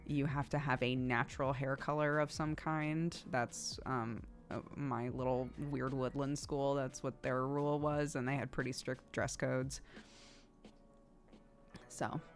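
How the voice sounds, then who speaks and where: Low-voiced woman streamer chatting. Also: flat delivery, unhurried, faint music behind. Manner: chatty storytelling, laughs often. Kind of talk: casual chat while gaming.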